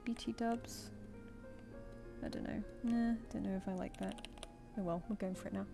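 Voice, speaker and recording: A woman's voice: mid-range voice, steady tone, normal speed, vocal fry, music in the background. A woman streaming while she draws, thinking aloud and answering her viewers in casual chat. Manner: chatty, thinks aloud, reads chat comments and answers them. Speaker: streamer drawing live.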